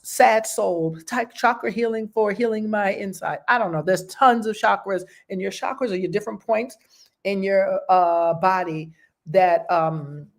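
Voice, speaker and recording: Encouraging woman talking straight to listeners. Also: mid-range voice. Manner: direct, encouraging, conversational with many fillers. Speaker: host. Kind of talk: casual motivational talk.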